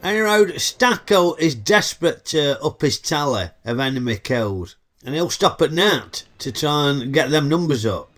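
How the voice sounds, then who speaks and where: A man's voice: fairly high pitch, animated, moderate pace, hardly any pauses, a bit bright. A middle-aged man with a Yorkshire accent, hosting a chatty, cheeky comedic film review full of dialect banter. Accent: Northern English, Yorkshire.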